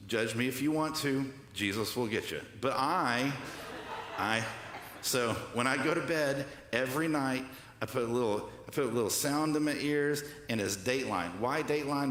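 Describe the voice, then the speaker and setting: A man's voice: mid-range voice, lively intonation, normal speed, a bit bright. A man preaching a sermon as pastor, conversational and joking, asking the congregation to answer back. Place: church hall. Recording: echoey hall with long reverb.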